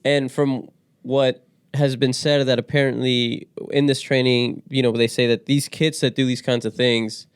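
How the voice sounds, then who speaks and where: Smooth-voiced man, blunt podcast co-host. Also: mid-range voice, little pitch movement, normal speed, no room sound, clean studio sound. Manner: chimes in with short agreements and blunt asides. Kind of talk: casual podcast discussion.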